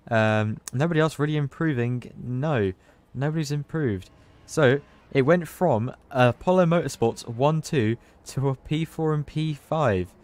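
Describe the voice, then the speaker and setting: A man giving live commentary on an online racing qualifying session, chatty and loose, surging with excitement at the big moments. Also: a little high, no echo. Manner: loose, chatty, with restarts and asides. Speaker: race commentator; team manager. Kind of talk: live esports race commentary.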